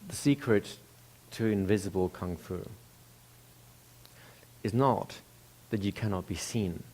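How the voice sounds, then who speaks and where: A man voicing a gentle, clumsy old male kung fu teacher who speaks softly and without hurry. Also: fairly low pitch, husky, exaggerated voice. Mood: calm. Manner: soft, apologetic, unhurried.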